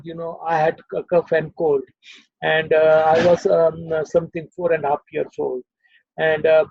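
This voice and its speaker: A man's voice: on the high side, creaky, no room sound, dull audio. An older man with an Indian English accent, telling stories from his childhood as a guest, rambling with many fillers. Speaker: guest storyteller. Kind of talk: casual reminiscing. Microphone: video call.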